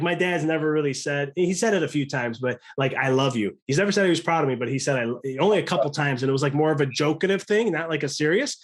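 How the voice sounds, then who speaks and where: A man in his thirties, a chiropractor guest on a chat podcast, talking in an earnest, rambling way. His voice sits a little high for a man, and he keeps restarting sentences and quoting his own thoughts. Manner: rambling, earnest, many restarts and quoted self-talk. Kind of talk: casual podcast conversation.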